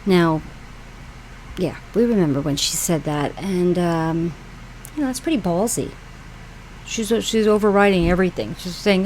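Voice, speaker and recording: A woman's voice: lowish voice, normal speed, a little mellow, slight background noise, low-quality recording. A woman from New York hosting her own channel, reading online posts aloud and commenting on them in a rambling, conversational way. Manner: rambling, conversational, with frequent fillers and asides. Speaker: channel host.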